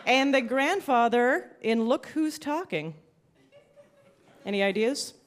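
A woman hosting a live quiz show, bubbly and quick to laugh as she reads clues and calls on players. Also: on the high side, expressive.

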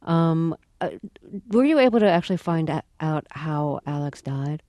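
Woman host, low mellow voice, calm interviewer. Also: normal speed, no echo, studio quality. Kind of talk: interview questions.

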